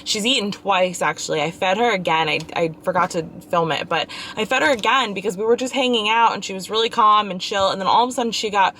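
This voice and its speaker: A young woman talks casually to her camera about life with a newborn, in an ordinary mid-range voice. She chats freely and laughs often, sometimes dropping to a gentle coo for the baby. A faint hiss sits under the recording. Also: medium pitch, quick pace, hardly any pauses. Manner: chatty, laughs often, coos softly to a fussy baby. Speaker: vlogger mom. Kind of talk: casual vlog talk to camera.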